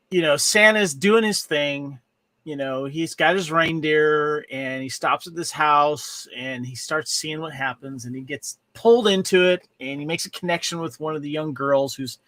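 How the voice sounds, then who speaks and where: Man, podcast co-host, rambling, enthusiastic, fairly high voice, bright tone. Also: dry recording. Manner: rambling and enthusiastic, full of restarts. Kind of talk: casual chat reviewing movies and shows.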